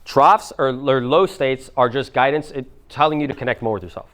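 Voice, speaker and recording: Fast-talking casual male coach. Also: mid-range voice, a bit bright. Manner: casual and jokey, swears freely, talks directly to the room. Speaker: business and mindset coach. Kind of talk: live workshop teaching to a small group.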